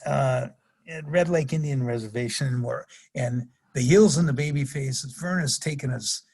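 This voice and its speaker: A man's voice: medium pitch, moderate pace, gravelly, a little mellow, breathy edge. An older man, a podcast guest, telling rambling anecdotes in a casual interview and chuckling at his own stories. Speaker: podcast guest, retired wrestler.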